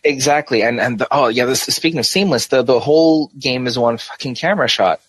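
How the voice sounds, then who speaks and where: A man's voice: mid-range voice, a little fast, fairly bright tone, dry recording. A man co-hosting a gaming podcast, chatting casually and rambling with lots of restarts. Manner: rambling, many restarts and swearing. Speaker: podcast co-host. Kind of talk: casual chat.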